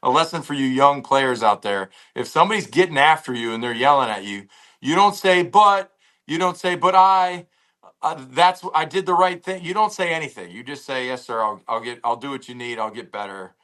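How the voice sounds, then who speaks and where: Bright-voiced man telling locker-room stories. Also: mid-range voice, a little fast, rough recording. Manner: relaxed storyteller who acts out quoted exchanges. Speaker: former pro football player, guest. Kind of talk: interview storytelling.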